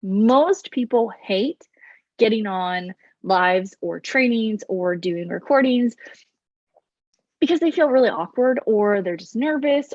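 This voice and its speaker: Fast, loud woman coaching to camera. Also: medium pitch, dry recording. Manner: loud, fast, animated talker who talks with her hands. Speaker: business coach. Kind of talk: casual to-camera advice. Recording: dull, slightly lo-fi, dry sound.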